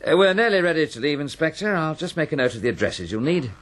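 An actor playing a confident, brisk, upper-class gentleman sleuth in a radio drama. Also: a little high, big pitch swings, a little hiss or hum.

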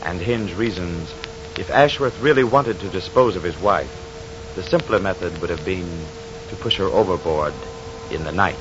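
A man narrating an old radio drama in a measured, dramatic way. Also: sits low, over loud music. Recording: dull, noisy old radio recording.

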